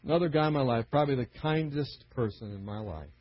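A middle-aged male preacher tells stories in a husky voice and acts out every character. His pitch sits a little high and swings widely. The recording is dry and dull. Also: lively intonation, quick pace, no echo. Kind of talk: storytelling sermon.

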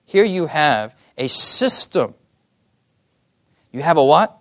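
A man's voice: a little high, very animated, slow pace, a bit bright. A young man preaching a sermon, often putting questions to the audience and asking for amens.

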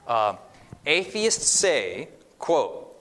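Animated man teaching at a church seminar. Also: a little high, very slow, slight background noise. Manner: acts out quoted voices. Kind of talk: lively religious teaching talk.

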